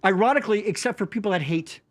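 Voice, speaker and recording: A man co-hosting a casual chat show, excitable, jokey and rambling as he talks. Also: high-pitched, fast. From Pennsylvania. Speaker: podcast co-host.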